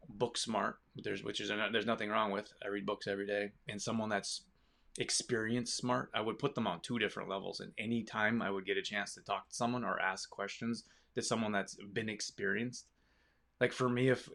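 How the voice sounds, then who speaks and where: A man with a lowish, gravelly voice talks to camera in a loose, rambling way, restarting sentences and wandering off on tangents. He speaks as the owner of a small business. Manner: rambling, many restarts, animated asides. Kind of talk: casual rambling talk to camera.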